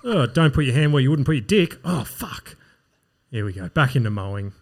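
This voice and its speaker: A man's voice: mid-range voice, animated, a little fast, natural voice. Cheesy smug lawn-mowing influencer, Australian accent, mock-upbeat vlog patter, parody voice-over, done by a man.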